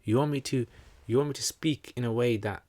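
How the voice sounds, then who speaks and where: A man's voice: mid-range voice, fairly quick, darkish tone, dry recording. A British man hosting a casual livestream Q&A. He answers viewers' questions on Islamic practice in a chatty, informal way and reads each question aloud before he answers.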